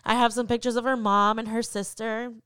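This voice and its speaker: Heartfelt woman, smooth clear voice. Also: a little high, level tone, a little fast, a bit bright, no echo, clean studio sound. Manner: heartfelt, gets emotional at times. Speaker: podcast host. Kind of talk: personal storytelling.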